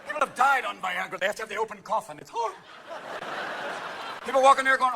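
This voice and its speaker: A man in his fifties performing stand-up comedy, switching manically between voices and bursting into shouts. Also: very high-pitched, lively intonation, quick pace, creaky, long pauses. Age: 50s. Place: theater stage before a laughing audience. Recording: live theater recording with audience noise.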